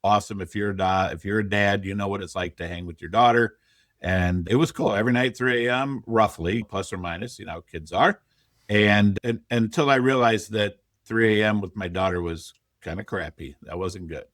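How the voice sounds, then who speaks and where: A man's voice: lowish voice, normal speed, no room sound, clean studio sound. Candid middle-aged man telling his story. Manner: candid, animated storyteller who quotes his own past thoughts. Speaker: podcast guest, real estate investor. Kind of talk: conversational interview storytelling.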